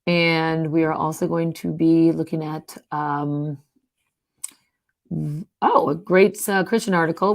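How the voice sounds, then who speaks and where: A woman's voice: low voice, steady tone, a little slow. A woman hosting her own live stream, talking casually in a rambling, jokey way. She laughs often, trails off and restarts her sentences.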